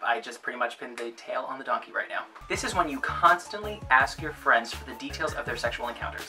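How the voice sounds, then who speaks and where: A man telling a comic vlog monologue in a playful, self-mocking way. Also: medium pitch. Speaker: vlogger. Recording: distant mic with music behind.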